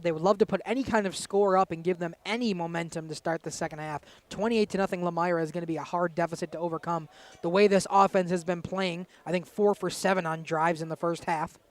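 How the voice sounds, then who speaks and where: A man giving casual color commentary on a high school football game, breaking down each play after the call. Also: fast, no room sound. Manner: relaxed analytical, follows the play-by-play.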